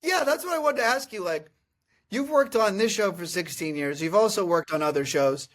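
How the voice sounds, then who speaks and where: Man, high voice, casual comedic storyteller, laughing, animated. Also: fairly quick. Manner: animated, laughs through stories. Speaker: podcast host.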